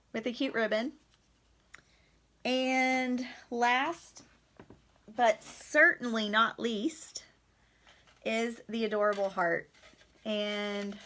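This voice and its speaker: A woman's voice: on the high side, fairly bright tone, slight background noise. A woman in her thirties chatting through a live-streamed painting demo, friendly and casual, addressing her viewers as y'all. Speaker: painting teacher.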